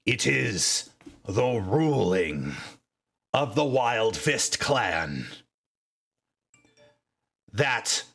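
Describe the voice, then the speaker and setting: A robed orc seer speaks in slow, ceremonial pronouncements, as a man voices him in a tabletop game. His voice is gravelly and deliberate, and each word is weighed like a ruling. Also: lowish voice, big pitch swings, a bit bright, exaggerated voice. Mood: solemn. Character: solemn male orc seer in priestly robes.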